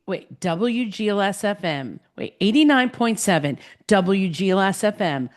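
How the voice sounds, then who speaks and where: Jersey-accented lady host, chatty and animated, regular pitch, easygoing interview chat. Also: measured pace, hardly any pauses. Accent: New Jersey. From New Jersey. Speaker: podcast host. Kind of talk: casual chat.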